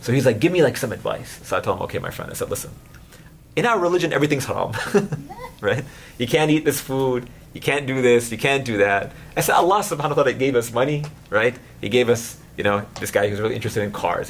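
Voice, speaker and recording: A man's voice: medium pitch, lively intonation, fairly quick, slight background noise. A man in his thirties giving an informal sermon, telling stories in a conversational way with many fillers and quoted dialogue. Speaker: religious scholar and chaplain.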